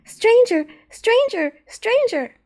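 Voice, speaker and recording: Zena, a shrill little fox kit girl. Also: big pitch swings, slow, heavily acted. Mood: shrill yelling. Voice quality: high-pitched, yelling. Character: small young girl fox kit, loud and bold.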